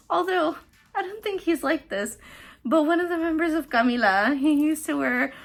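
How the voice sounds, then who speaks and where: A woman's voice: sits high, expressive, a little slow, creaky. A woman hosting a casual pick-a-card tarot reading, chatty and profane, often laughing mid-sentence. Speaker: tarot reader and host.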